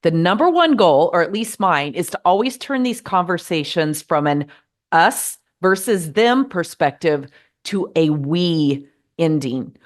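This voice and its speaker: A middle-aged woman from the United States hosting a podcast, giving earnest, measured advice in a gently encouraging monologue. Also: on the low side, expressive. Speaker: podcast host.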